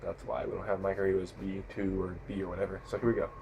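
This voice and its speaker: A teen boy, sixteen, speaks into his camera mic at a quick pace, his voice sitting low with some creak. He wanders through an animated story, correcting himself along the way, and the rough recording has a faint hiss or hum.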